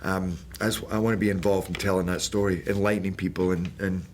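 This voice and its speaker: A man's voice: low-pitched, little pitch movement, fast, slight background noise. A male actor in casual chat, speaking thoughtfully and earnestly in an interview.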